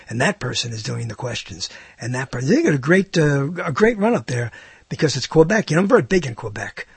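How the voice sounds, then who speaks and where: A man's voice: medium pitch, creaky, breathy edge, no echo. A man hosting a live internet radio talk show, rambling and hesitant, with self-mocking asides.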